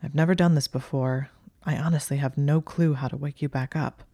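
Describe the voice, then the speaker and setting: A reader voices a sardonic, exasperated young male wizard in an audiobook. His lines come clipped, strained and firm, in a mellow, dry, close sound. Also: medium pitch, steady tone, brisk, dry recording, lightly acted. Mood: flustered. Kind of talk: audiobook reading.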